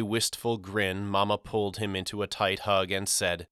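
A man reading a novel aloud as an audiobook, measured and expressive. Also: lowish voice, smooth, dry recording, studio quality. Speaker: audiobook narrator. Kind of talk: scripted audiobook narration.

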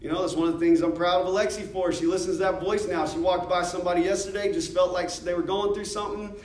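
A man's voice: high voice, fairly even intonation, fast. A man with an American accent teaching a church discipleship class in a conversational way, asking the class questions and joking. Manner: conversational, asks the class questions, jokes and laughs. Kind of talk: informal teaching talk. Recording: echoey room from a distance.

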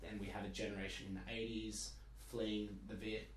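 A man's voice: fairly low pitch, little pitch movement, a little fast, a crowd in the background. A young Australian man, a podcast guest, explaining things thoughtfully with a wry edge. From Perth, Australia. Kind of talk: casual podcast chat. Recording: echoey room, light hiss.

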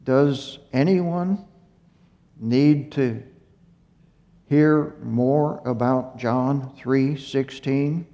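A man giving a Bible teaching, speaking slowly and haltingly with fillers and self-corrections, a little out of breath. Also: medium pitch, warm tone. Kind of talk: unhurried Torah teaching. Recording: muffled recording in a reverberant hall.

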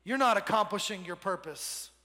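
A male pastor with a high, bright voice preaches with energy. He leads the congregation in call-and-response. His voice carries a long hall reverb. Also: animated, normal speed. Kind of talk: sermon.

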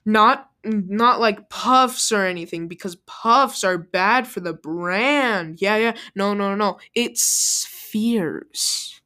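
A woman's voice: medium pitch, takes it slowly, hardly any pauses, pushed and bright. Playful woman guessing game answers. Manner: playful, jokey, laughs often. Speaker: contestant. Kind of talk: casual game chat.

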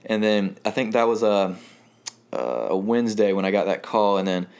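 A young man with a deep, low voice tells a story in an easygoing, rambling way. He is from North Carolina and fills his sentences with "like" and "um", laughing now and then as he talks. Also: normal speed, creaky, darkish tone, smooth. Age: 20s. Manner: rambling, lots of fillers and laughs. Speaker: guest. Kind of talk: casual storytelling.

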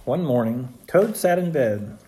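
A reader narrating a children's storybook aloud, clear and expressive. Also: medium pitch, a little slow, a little hiss or hum.

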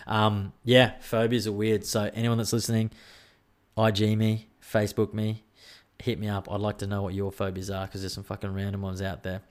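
An Australian man with a fairly low voice hosts a solo podcast. He chats casually and rambles, swears freely and pokes fun at himself. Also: level tone, moderate pace, clear, resonant tone. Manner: rambling, profane, self-mocking banter. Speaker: podcast host.

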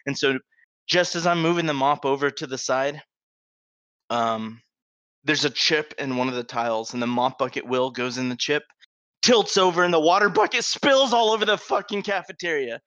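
A man's voice: on the high side, normal speed, a bit bright, dry recording. Laid-back man telling a profane story. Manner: laid-back, profane, laughs through his stories. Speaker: podcast co-host. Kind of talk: casual chat, storytelling. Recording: dry, slightly dull sound.

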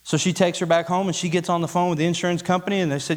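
A man's voice: sits high, level tone, racing, few pauses, long reverb tail. A man preaching a sermon as pastor, folksy and conversational, building to emphatic peaks. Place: church sanctuary.

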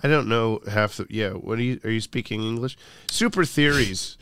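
A man's voice: on the low side, moderate pace, fairly bright tone, clean tone, no echo, studio quality. A man co-hosting a podcast in a casual chat, reading listener comments aloud and laughing often. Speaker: podcast co-host.

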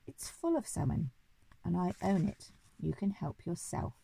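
A woman's voice: on the low side, very animated, measured pace, vocal fry, mellow, husky, exaggerated voice, rough recording. A woman voicing a grand, boastful male duke who thinks himself an expert on animals, speaking in a pompous, hearty way.

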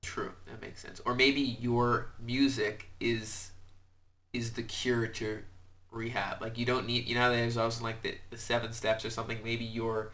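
A young man hosting a casual podcast with a bright, somewhat tense tone. His pitch stays flat and even as he jokes and teases his co-host with quick asides. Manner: joking, teasing, quick asides. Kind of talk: casual chat.

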